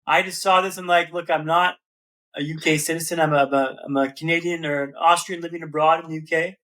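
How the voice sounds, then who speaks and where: A young man with a noticeably high voice tells his story as a podcast guest. His talk is casual and animated, and he keeps dropping in slang like "man" and "brother." The recording is a clear podcast mic. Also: quick pace.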